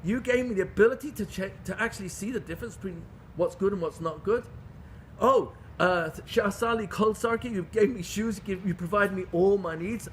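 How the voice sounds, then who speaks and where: Rabbi, middle-aged man, high-pitched, emphatic and repetitive, lecturing. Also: fairly quick, a little hiss or hum. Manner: emphatic, repeats phrases for stress, rhetorical questions. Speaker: rabbi teaching a class. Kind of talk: lively Torah lecture.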